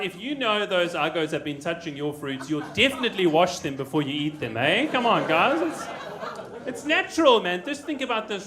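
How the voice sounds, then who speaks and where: A man from South Africa with a South African accent performing a laid-back stand-up set at a comedy club, tagging lines with "you know" and "eh". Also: high voice. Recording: echoey club with audience noise.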